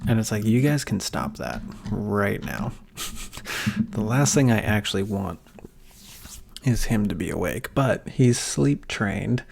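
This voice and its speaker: A young man streaming a game from home, talking quietly to himself and often dropping into a half-whisper. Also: fairly low pitch, very animated, takes it slowly, vocal fry, husky. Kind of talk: gaming stream commentary. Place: home room at a computer. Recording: noisy, with keyboard and mouse clicks.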